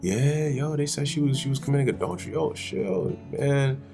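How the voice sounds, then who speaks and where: A man voicing gossiping townsfolk swapping rumors in slangy, hushed talk. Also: mid-range voice, animated, brisk, music in the background, natural voice. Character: gossiping townsfolk, casual young men.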